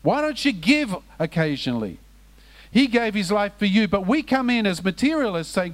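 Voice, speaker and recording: Impassioned high-voiced male preacher. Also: big pitch swings, normal speed. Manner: impassioned, swings between hushed lows and raised emphatic cries. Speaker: pastor. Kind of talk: sermon.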